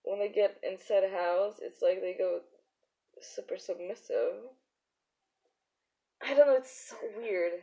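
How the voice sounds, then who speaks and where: Slow-talking giggly young woman streamer. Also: mid-range voice, warm tone, rough recording. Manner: giggly, chatty, many fillers. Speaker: art streamer. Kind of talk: casual live-stream chat.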